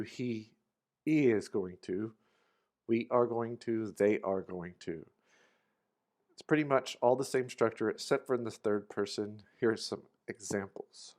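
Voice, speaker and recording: A man giving a relaxed, casual English grammar lesson, explaining future tenses with a few fillers. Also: lowish voice. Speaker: English teacher.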